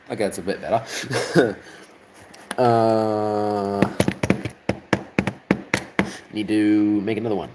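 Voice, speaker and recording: A man's voice: on the low side, a little slow, pauses often, a little mellow, slight background noise, rough recording. An Australian man streaming casually, rambling, swearing often and chuckling as he chats with viewers. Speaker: livestreamer. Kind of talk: casual livestream chat.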